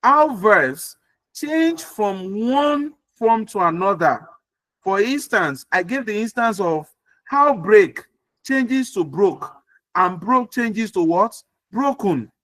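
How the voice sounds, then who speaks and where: A man teaches grammar over a video call, his voice high and bright. He speaks slowly and keeps asking whether his students understand. The sound is dry and close. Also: lively intonation, no echo. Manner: repeats points and checks understanding often. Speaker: English tutor. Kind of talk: online grammar class.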